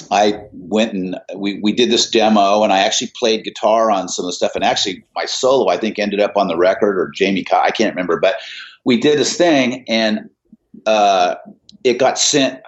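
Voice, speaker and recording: Man, middle-aged, low-pitched, rambling storyteller, many fillers, dull lo-fi recording. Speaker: interview guest, musician. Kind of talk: casual anecdotal storytelling. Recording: dull lo-fi audio.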